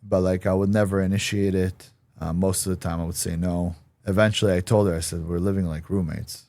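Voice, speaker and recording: Low-voiced man telling a blunt story. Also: brisk. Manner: blunt, animated, acts out quoted voices. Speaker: interview guest. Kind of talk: candid personal storytelling.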